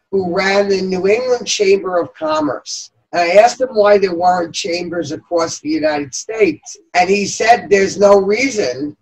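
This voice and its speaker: A middle-aged woman from New York City with a New York accent, giving earnest, halting interview answers about the veterans' chamber she co-founded, with many pauses and fillers. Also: lowish voice, low-quality recording.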